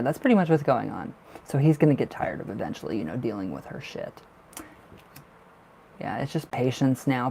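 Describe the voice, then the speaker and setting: A man's voice: mid-range voice, gravelly, a little mellow, a little hiss or hum. A man giving a casual live tarot reading, talking loosely and repeating himself as he goes. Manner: casual, rambling, repeats words. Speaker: tarot reader.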